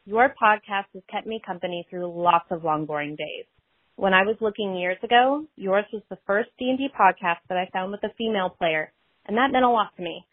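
Husky woman on a tinny voicemail. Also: medium pitch, fairly quick, no room sound. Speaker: listener sending a message. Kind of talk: recorded voice message. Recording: tinny phone-quality voice message.

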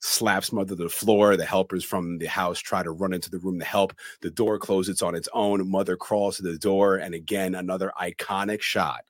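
Deep-voiced man recapping a film. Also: steady tone, normal speed, hardly any pauses, no echo, clean studio sound. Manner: retells scenes plainly, acts out quoted lines. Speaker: podcast co-host.

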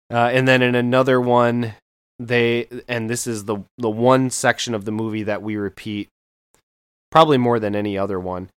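Smooth-voiced man retelling a movie. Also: mid-range voice, steady tone, moderate pace, pauses often, no room sound, clean studio sound. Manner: enthusiastic, rambling movie retelling with many fillers. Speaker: podcast co-host. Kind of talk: casual podcast chat.

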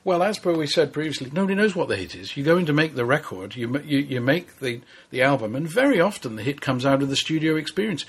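Fast-talking husky man. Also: on the high side, animated. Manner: opinionated, rapid explainer. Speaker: music magazine writer. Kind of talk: casual discussion.

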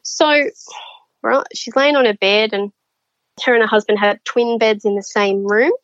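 A woman's voice: a little high, a little slow, no echo, highs cut off. A woman, a podcast guest, telling stories casually and acting out the voices of the people in them. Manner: animated, acts out voices in her stories. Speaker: podcast guest, spiritual medium. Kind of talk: casual storytelling.

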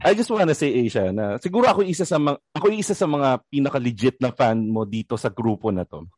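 A man's voice: medium pitch, lively intonation, quick pace, a little mellow. A man hosting a podcast, playful and teasing, switching between Tagalog and English. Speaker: podcast host. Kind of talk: casual chat.

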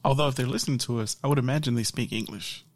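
A man's voice: medium pitch, rapid-fire, dry recording. A man co-hosting a podcast, talking in laid-back, profane banter. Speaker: podcast co-host. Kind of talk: casual chat.

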